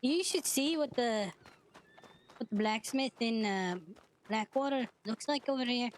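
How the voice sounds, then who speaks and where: A woman's voice: fairly high pitch, measured pace, a little hiss or hum. A woman streamer chatting casually during a roleplay game, easygoing and trailing off mid-sentence.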